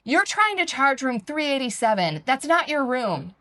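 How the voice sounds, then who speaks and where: A woman's voice: sits high, very animated, moderate pace, fairly bright tone, dry recording, clean studio sound, pitched above the performer's own voice. Woman voicing a curt, hostile spa receptionist. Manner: harsh, aggressive.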